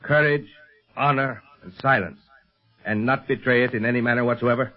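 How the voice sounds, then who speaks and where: An actor playing the stern chief of a secret police in a 1930s radio serial, formal and solemn. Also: male voice, mid-range voice, moderate pace, muffled recording, lightly acted.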